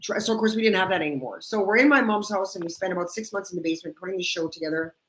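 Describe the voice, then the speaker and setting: A woman's voice: mid-range voice, very fast, rough recording. A woman hosting a casual chat, telling stories and laughing often. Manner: laughs often, upbeat storyteller. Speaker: podcast host.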